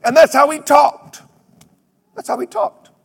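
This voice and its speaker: A man preaching a sermon, telling stories with humor, mimicking other preachers and breaking into shouted exclamations. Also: very high voice, measured pace, creaky, big-room sound. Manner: animated storytelling with shouted exclamations.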